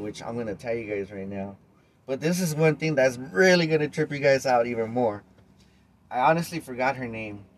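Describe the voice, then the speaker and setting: A man with a fairly high speaking voice tells a story on his podcast. He talks right at his listeners in a casual, animated monologue and swears freely. His delivery is loose and conversational. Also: slight background noise. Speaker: podcast host.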